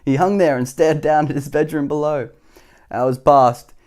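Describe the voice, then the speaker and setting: A man reading a children's picture book aloud, gently, with chuckling asides. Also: fairly high pitch, fairly even intonation, a little slow.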